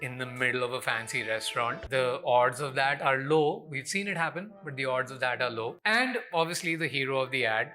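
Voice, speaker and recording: A man's voice: mid-range voice, brisk, few pauses, pushed and bright, soft background music. A young Indian man, a comedian hosting his show, delivering a scripted commentary rant with exasperated sarcasm.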